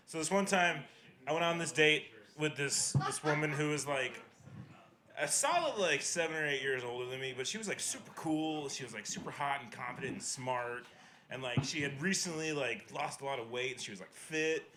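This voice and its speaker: A man's voice: medium pitch, normal speed, background noise. A young man hosting a comedy show, telling a rambling story full of fillers between acts. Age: young adult. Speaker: host of a comedy open mic. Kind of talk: stand-up hosting. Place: small comedy venue.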